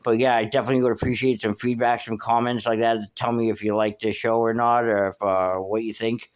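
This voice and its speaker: A man's voice: medium pitch, flat delivery, fairly quick, smooth. A man hosting a podcast, telling a rambling street story with lots of swearing and fillers. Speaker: podcast host. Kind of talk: casual storytelling monologue.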